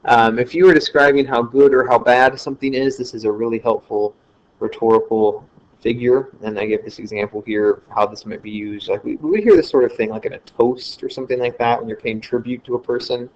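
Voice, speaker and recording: A man's voice: mid-range voice, steady tone, fairly quick. A man giving a casual screen-recorded lecture, talking loosely with fillers and correcting himself as he goes. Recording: slightly dull lo-fi screen recording.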